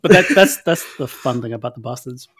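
A man chats through a film recap on a podcast, laughing often as he replays favorite moments. His pitch swings widely, and the recording is close and dry with little room sound. He talks in a loose, casual way. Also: a little fast, slightly rough, no room sound. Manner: laughs often, animated retelling of scenes. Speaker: podcast co-host. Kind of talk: casual film review chat.

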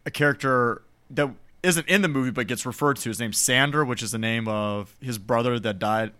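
A man with an ordinary mid-range voice chatting on a film podcast. He jumps in with trivia and laughs easily in relaxed conversation. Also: medium pitch, moderate pace, smooth. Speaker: podcast co-host. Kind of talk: casual film discussion.

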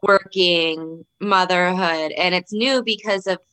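A woman speaking as a podcast guest over a video call, with a slightly low but bright, forceful tone. She is reflective and hesitant, pausing often to find the right words. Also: steady tone, clear, resonant tone. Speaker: podcast guest, performer and mother. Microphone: video call microphone.

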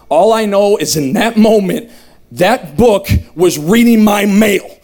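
Evangelist, male, 30s, high pitch, punchy comic testimony with shouted peaks. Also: lively intonation, takes it slowly. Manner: emphatic, humorous, shouting at peaks. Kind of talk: testimony sermon. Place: revival tent.

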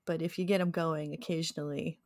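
A woman's voice: sits low, steady tone, a little fast, darkish tone, no room sound, studio quality. A woman with a southern New Jersey accent, co-hosting a casual podcast chat in an easygoing, giggly way. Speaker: podcast co-host.

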